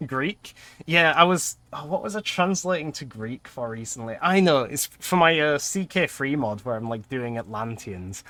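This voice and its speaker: A man's voice: mid-range voice, lively intonation, measured pace, bright, forceful tone, no echo. A young man casually chatting and laughing often while commenting on a game he is playing on stream.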